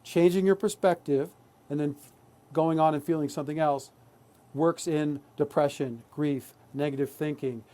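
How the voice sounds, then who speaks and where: A man's voice: on the high side, steady tone, normal speed, warm tone. Earnest man giving a workshop talk. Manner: earnest, repetitive, checks in with "right?". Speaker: workshop presenter. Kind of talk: live online workshop talk.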